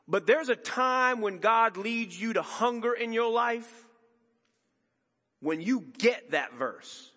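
A man preaching a sermon as pastor, emphatic and conversational with dramatic pauses, in a church sanctuary. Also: high-pitched, expressive, bright, forceful tone, big-room sound.

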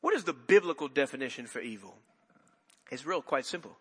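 A man's voice: medium pitch, animated, fairly quick, breathy edge, in a large hall. A man preaching a sermon in a church, talking in a loose conversational way with many restarts and asides. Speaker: pastor. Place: church sanctuary.

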